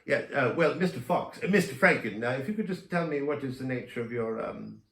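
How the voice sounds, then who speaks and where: A man's voice: mid-range voice, lively intonation, fairly quick, creaky, fairly bright tone, echoey room, recorded from a distance. A man playing a polite, flustered doctor, hesitant and full of ums and uhs.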